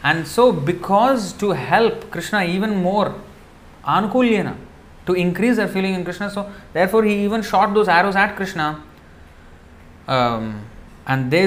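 A man giving a devotional lecture in a loose, conversational way, full of fillers, acting out quoted lines in a softer voice. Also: high-pitched. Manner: conversational, many fillers, acts out quoted dialogue softly. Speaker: preacher.

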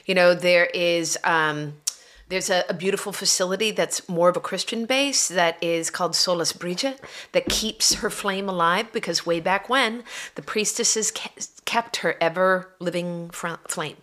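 A woman co-hosting a casual conversation, explaining with a soft voice that often drops to a near whisper. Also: fairly low pitch, measured pace. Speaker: co-host.

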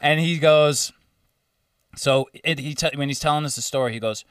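A man's voice: fairly high pitch, moderate pace, fairly bright tone, clean tone, dry recording, clean studio sound, far from the mic. A young man in casual chat, telling a rambling, profane story as a podcast co-host.

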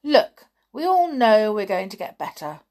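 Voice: medium pitch, big pitch swings, measured pace, a little mellow. A woman reading aloud voices an earnest, determined boy in a hospital ward, pleading and urgent.

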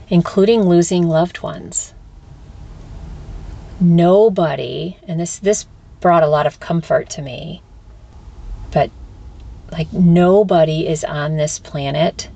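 A woman hosting a spiritual self-help podcast, talking candidly and casually, swearing freely and slipping into high squeaky voices when she quotes people. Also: vocal fry, mellow. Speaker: podcast host. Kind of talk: reflective spiritual talk.

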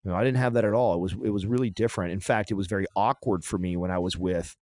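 Man, very deep voice, halting personal storytelling, dry close sound. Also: steady tone, a little mellow, dry recording. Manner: halting, restarts often, emotional. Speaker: podcast guest.

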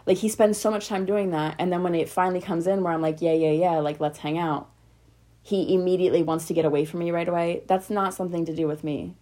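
A woman's voice: fairly low pitch, steady tone, quick pace, dark tone. A young woman talking to her viewers in a personal vlog, rambling and heartfelt, full of likes and okays, close to tears. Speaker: vlogger. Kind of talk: emotional personal vlog talk.

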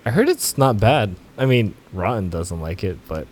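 Lively, rambling male podcast co-host. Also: fairly low pitch, moderate pace. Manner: laid-back, rambling, laughs often. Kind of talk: casual chat.

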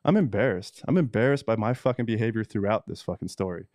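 A man with a dark, mellow voice delivers a blunt, heated monologue peppered with swearing. He talks as a cannabis seed breeder venting to his viewers, and the sound is dry and close with no room echo. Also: fairly low pitch, expressive, fast. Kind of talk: casual ranting vlog monologue.

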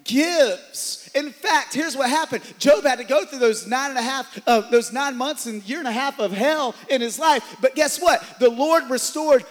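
A man preaching a sermon as pastor, swinging from loud, driven passages to hushed ones. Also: very high voice, normal speed, hardly any pauses. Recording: long hall reverb.

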